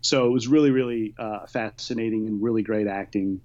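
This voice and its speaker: A podcast co-host chatting casually about a show, relaxed and a little hesitant. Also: mid-range voice, brisk. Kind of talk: casual chat. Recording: dull lo-fi sound.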